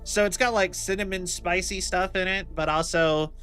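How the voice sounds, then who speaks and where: Young male streamer, rambling and self-deprecating, high sharp voice. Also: fairly even intonation, normal speed, soft background music. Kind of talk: casual game-stream chat.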